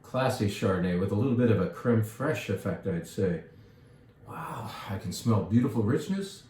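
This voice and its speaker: A man with a fairly low voice talks about wine casually and enthusiastically, stopping to savor sips with contented murmurs. He sounds like a shop steward presenting his picks. The room around him is echoey. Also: lively intonation, normal speed, a little mellow. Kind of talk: casual wine tasting talk.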